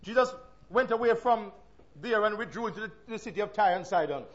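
A Jamaican man delivers a sermon in a strikingly high voice. He leans hard into his points, then falls quiet for rhetorical questions. The recording sounds slightly dull and muffled. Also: animated, brisk. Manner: emphatic preaching with sharp swings from loud to hushed. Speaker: preacher.

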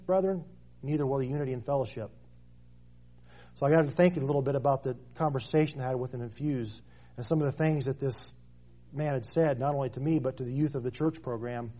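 A husky, mellow-toned man in his thirties delivers a sermon. He leans hard into key phrases, repeating them for weight, and sits a little higher in pitch than most men. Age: 30s. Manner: preaching with rising emphatic stresses and repeated phrases. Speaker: preacher.

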